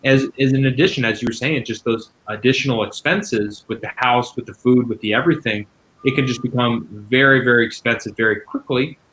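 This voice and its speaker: A man appears as a guest expert and explains things in a casual, patient way, often saying "you know." His voice is mid-pitched and plain. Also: fairly quick, fairly bright tone, poor audio. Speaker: guest expert on senior living. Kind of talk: casual interview answers.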